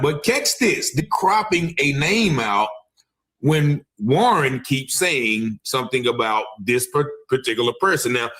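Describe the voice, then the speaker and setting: A man's voice: on the high side, fairly bright tone. A man hosting an online news commentary show, talking through a case and repeating that it is only alleged. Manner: speculative, repeats "allegedly" and "once again".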